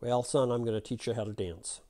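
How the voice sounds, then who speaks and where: A man voicing a big, boastful Texan cowboy with a Texan accent and a drawling, gruff manner. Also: medium pitch, fairly even intonation, fairly quick, mellow, natural voice. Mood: smug.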